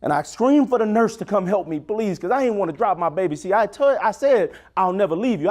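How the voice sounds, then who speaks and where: Animated male motivational speaker, preacher-like cadence. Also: high voice, brisk. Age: young adult. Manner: preacher-like cadence, swinging from loud to near-whisper. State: choked up and crying at times. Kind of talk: motivational keynote speech.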